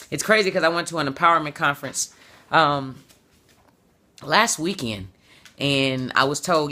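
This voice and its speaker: Brief: emphatic woman vlogger, bright voice, casual motivational talk to camera. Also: low voice, lively intonation, a little slow, pauses often. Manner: passionate and emphatic, repeats words for effect. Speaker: vlogger and entrepreneur.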